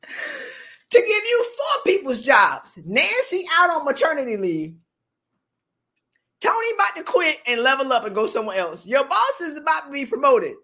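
A woman's voice: high voice, moderate pace. A woman giving a motivational talk, preachy and joking, acting out little scenes of dialogue as she speaks. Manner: animated, preachy, jokes and acts out dialogue. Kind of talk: motivational talk with acted-out asides. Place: streamed live talk.

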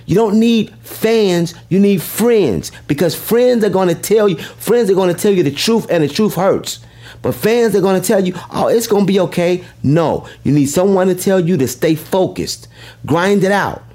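A man giving a motivational speech, emphatic and preacher-like, repeating his key lines and swinging widely in pitch. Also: expressive, normal speed, warm tone. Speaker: motivational speaker.

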